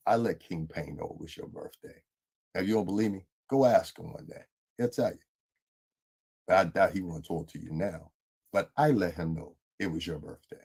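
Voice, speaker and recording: A man with gives a stern, lecturing monologue aimed at someone he addresses directly. His voice is very low and husky. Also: a little mellow. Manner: lecturing, scolding tone. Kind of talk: commentary monologue.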